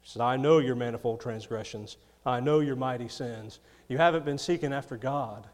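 A man's voice: medium pitch, moderate pace, darkish tone, in a large hall. A man preaching a sermon, reading scripture and adding folksy, chuckling asides. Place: church.

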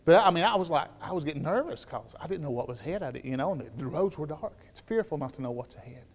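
A man with a Southern US accent preaching a sermon, shifting between loud, shouted declarations and quiet, conversational storytelling. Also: on the high side, expressive, quick pace. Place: church sanctuary. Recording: long reverb of a church hall.

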